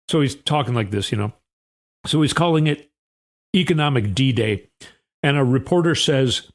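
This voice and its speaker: Sarcastic gravelly male commentator. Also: medium pitch, animated, normal speed, long pauses. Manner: sarcastic, sighing. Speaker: host. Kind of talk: political commentary.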